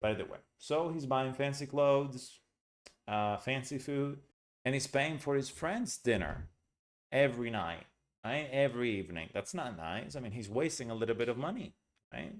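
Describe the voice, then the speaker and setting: Man in his own voice teaching English online, casual and blunt, tags lines with "right?", ordinary middle pitch. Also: animated, normal speed. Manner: chatty, with frequent "right?" and "okay?"; blunt, opinionated asides. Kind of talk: online lesson, explaining a reading text.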